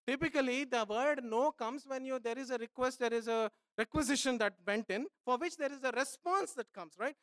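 A man preaching a sermon as pastor, emphatic, repeating phrases and swinging from soft asides to loud pleading. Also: very high-pitched, clean tone, dry recording, studio quality.

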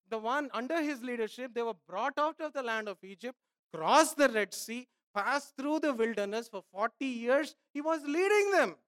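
A man's voice: very high-pitched, no room sound, clean studio sound. Emphatic male pastor preaching. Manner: emphatic, repeats phrases, swings from soft asides to loud pleading. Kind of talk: sermon.

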